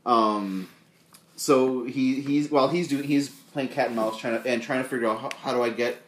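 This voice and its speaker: A man's voice: medium pitch, moderate pace. A man co-hosting a podcast, casually retelling film scenes and acting out the lines. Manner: animated retelling, acts out quotes. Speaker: podcast co-host. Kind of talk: casual movie review chat. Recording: echoey room.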